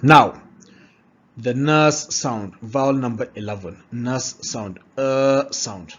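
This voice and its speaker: Very slow, husky man drilling vowels. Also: mid-range voice, fairly bright tone, lo-fi sound. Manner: slow, repeats each word several times. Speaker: pronunciation teacher. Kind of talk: pronunciation drill lesson.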